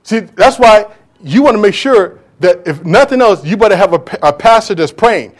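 A male pastor preaches emphatically in a fairly high voice. He repeats words for stress and shifts between raised, urgent lines and quieter, intimate asides. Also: animated, moderate pace. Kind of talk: sermon.

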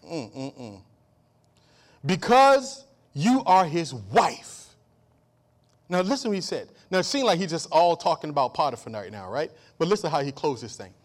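A male pastor preaching a sermon, calling out for amens and swinging from loud outbursts to low hushed asides. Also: very animated, measured pace. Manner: repeats and restarts phrases, calls for amen.

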